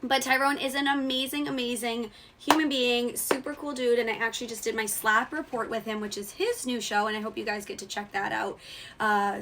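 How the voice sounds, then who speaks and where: A woman's voice: a bit bright, slight background noise. A woman hosting her own show in sassy, mock-outraged comedic commentary, swearing freely, her voice cracking when it rises. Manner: voice cracks when going high. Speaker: show host.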